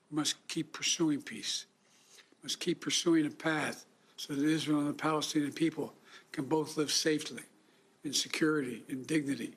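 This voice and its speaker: An older man from the United States giving a formal, solemn speech, often clearing his throat. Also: on the high side. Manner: measured, solemn delivery with frequent throat clearing. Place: indoor room.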